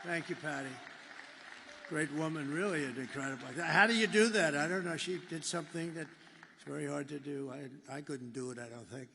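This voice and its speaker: A man's voice: a little high, fairly quick, gravelly, pushed and bright, some chatter behind, a little hiss or hum. A man giving a rambling, emphatic political rally speech, repeating himself for effect. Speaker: political candidate. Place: large rally hall. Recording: echoey hall with faint ambience.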